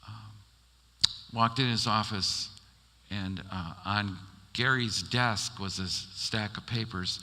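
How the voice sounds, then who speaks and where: Man pastor, bright forceful voice, lively storytelling sermon, long church reverb. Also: lowish voice, takes it slowly. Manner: animated storyteller acting out quotes. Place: church sanctuary.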